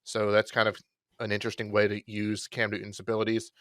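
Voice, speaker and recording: A man co-hosting a podcast, talking through fantasy football picks in a relaxed, rambling way with self-deprecating jokes. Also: lowish voice, quick pace, dry recording, clean studio sound. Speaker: podcast co-host. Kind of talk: casual fantasy football chat.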